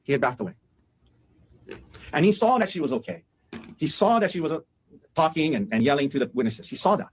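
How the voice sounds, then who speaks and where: A man talking quickly in a husky, slightly raised voice. He lays out an opening statement to a jury in an animated way and acts out what people said as he goes. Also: on the high side, low-quality recording. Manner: fast, animated, acts out quotes. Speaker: defense attorney.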